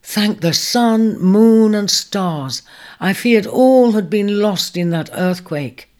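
A woman's voice: medium pitch, animated, takes it slowly, a little mellow. A woman voicing a self-assured male ram returning to lead his clan, speaking in a raised, emphatic way. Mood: exultant.

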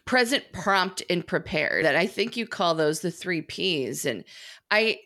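A woman's voice: lowish voice, expressive, a little slow, a bit bright. A woman interviewing a guest in a casual, affirming and reflective way.

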